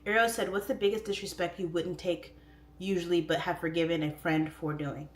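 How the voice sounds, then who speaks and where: A woman in her thirties hosting a casual livestream, chatting openly and jumping up in pitch when she quotes herself. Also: a little fast, echoey room. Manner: chatty, expressive, pitch jumps up for quoted voices. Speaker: livestream host.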